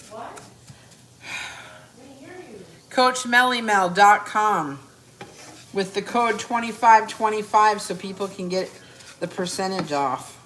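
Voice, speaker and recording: A woman with a mid-range voice hosts a chatty live cooking demo from her own kitchen, addressing viewers head-on in a brash, joking way. A slight hiss or hum sits under the audio.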